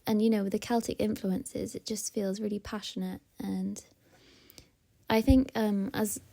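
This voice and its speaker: Gravelly, warm-voiced Welsh woman. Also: medium pitch, level tone. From Wales. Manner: thoughtful, searching for words with pauses. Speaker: interviewee. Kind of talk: reflective interview answer.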